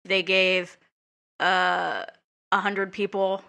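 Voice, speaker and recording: A woman co-hosts a casual panel chat and cuts in with wry, skeptical remarks. Her voice is gravelly and bright, with a forceful edge. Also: medium pitch, flat delivery, very slow. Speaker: podcast co-host.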